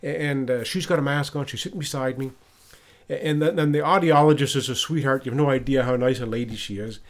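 A man's voice: medium pitch, quick pace. A man hosting a podcast, casually telling a personal story and retelling conversations, often restarting and repeating words. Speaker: podcast host. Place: lives in Ottawa.

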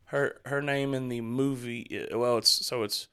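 A man hosting a casual movie reaction chat, talking in a rambling, halting way with lots of fillers and restarts. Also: medium pitch, steady tone, fairly bright tone, clear, resonant tone. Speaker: host leading a movie reaction.

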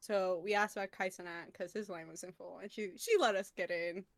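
A woman's voice: on the low side, fairly even intonation, fairly quick, no room sound, studio quality. A young woman guest on a casual podcast, recounting events in a chatty, filler-heavy way with laughs in between.

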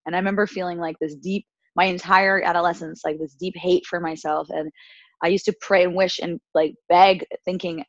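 A woman in her thirties speaks candidly as a podcast guest, on the low side of pitch. She tells her story openly, acting out remembered phrases and laughing often. The sound is dry and a little dull. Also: flat delivery, brisk, no room sound. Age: 30s.

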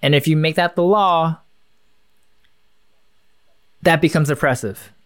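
A man's voice: on the high side, unhurried, fairly bright tone, smooth, no echo, clean studio sound. A man co-hosting a casual podcast, thinking aloud in a musing, rambling way with many restarts. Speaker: podcast co-host.

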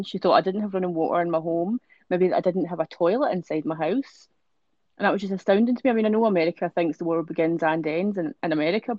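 A woman's voice: fairly low pitch, no room sound, muffled recording. A woman with a Greenock Scottish accent, co-hosting a casual podcast chat and telling stories with casual swearing. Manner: chatty storyteller, swears casually. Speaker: podcast co-host.

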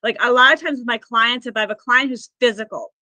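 A woman's voice: on the high side, fast, sharp tone, dry recording, low-quality recording. A woman who works as a spiritual healer, telling stories as a podcast guest in an earnest, rambling way full of "like" fillers. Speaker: Akashic records practitioner and healer, podcast guest. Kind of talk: conversational podcast storytelling.

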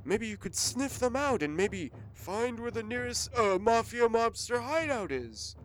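A man playing Santa Claus as a vengeful action hero in an improvised comedy podcast, with a lively, theatrical delivery. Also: very high voice, measured pace, slight background noise, exaggerated voice. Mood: scheming. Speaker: podcast host. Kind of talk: improvised comedy role-play.

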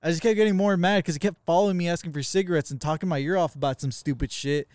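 A man co-hosting a casual podcast, racing through a story with exasperated, profane energy. His voice is a little high, smooth and clear, recorded close and dry. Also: rapid-fire, no room sound. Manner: exasperated, profane, animated retelling with quoted voices. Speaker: podcast co-host.

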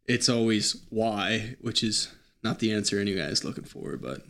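A man's voice: fairly low pitch, expressive, normal speed, creaky, a bit bright. A man in his early twenties co-hosting a casual podcast, rambling in a laid-back way with lots of fillers. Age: 20s. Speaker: podcast co-host. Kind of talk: casual chat.

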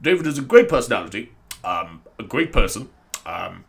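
A man doing a halting, plummy impression of a posh British male politician. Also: on the low side, big pitch swings, vocal fry. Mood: pompous. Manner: plummy, halting, with filler ums.

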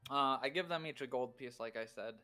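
A man's voice: medium pitch, fairly quick, pushed and bright. A man playing a tabletop game, casually describing what his character does. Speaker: player.

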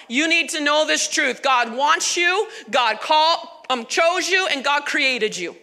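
Animated, bright-voiced woman pastor preaching. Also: high-pitched, a little slow, few pauses, long reverb tail. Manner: animated, conversational, laughing asides. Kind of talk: sermon. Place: church.

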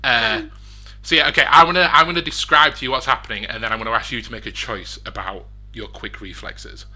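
A man narrating a tabletop western role-playing game as game master, chatty and quick to laugh. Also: mid-range voice, sharp tone. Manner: chatty, laughing, restarts often.

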